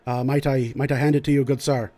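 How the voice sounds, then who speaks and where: A man's voice: medium pitch, little pitch movement, fast talker, mellow, natural voice. A man doing a fussy, scheming little lord. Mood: obsequious. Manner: obsequious, formal and apologetic. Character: small fussy male lord, overly polite and scheming.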